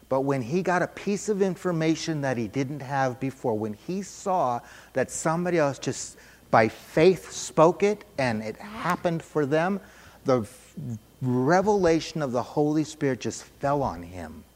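A male preacher tells a story in a sermon, leaning on emphatic repetition. His voice sits on the higher side and trails off into a long hall reverb.

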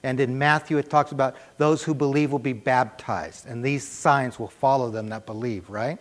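A middle-aged man preaches a sermon in a conversational, animated style, sharing a personal story and acting out its voices. His pitch is medium and his speed normal, in a reverberant church hall.

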